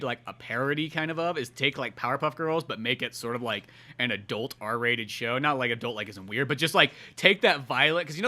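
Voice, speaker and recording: Bright, lively podcast co-host man. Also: on the high side. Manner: laughs often, profane, riffs on jokes. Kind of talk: casual comedy chat.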